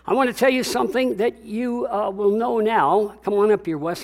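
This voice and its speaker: An older man preaching from the pulpit in a high, lifted voice. He is emphatic and repeats himself. He keeps calling out to the congregation for agreement. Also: fairly even intonation, fairly quick, few pauses, darkish tone. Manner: emphatic, repetitive, calls out to the congregation. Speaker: pastor. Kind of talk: sermon.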